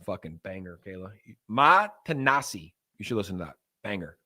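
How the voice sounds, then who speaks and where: A man's voice: lowish voice, sing-song, normal speed, pushed and bright. A young man hosting a casual crypto livestream. He rambles loosely, with lots of fillers, and reads chat messages aloud.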